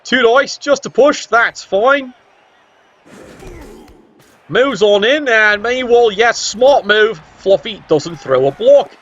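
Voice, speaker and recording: Man, game commentary, sarcastic, excitable, high voice, muffled recording. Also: takes it slowly, long pauses. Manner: sarcastic, excitable, swears often. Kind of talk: tabletop video game commentary.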